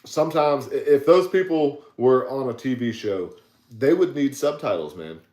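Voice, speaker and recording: A man's voice: medium pitch, normal speed, reverberant. A man from South Carolina with a Southern accent, co-hosting a casual podcast chat and laughing often. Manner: laughs often, relaxed joking. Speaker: podcast co-host.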